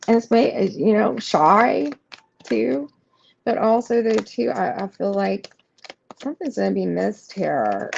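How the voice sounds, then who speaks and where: A woman reads tarot live for her viewers, talking casually with lots of fillers and restarts. Her voice sits low with a gravelly fry and swings widely in pitch. The stream audio is slightly muffled, with faint noise and keyboard clicks behind her. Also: animated, slow, darkish tone. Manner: chatty and rambling, many fillers and restarts; reassuring, speaks straight to viewers. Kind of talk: casual live card reading.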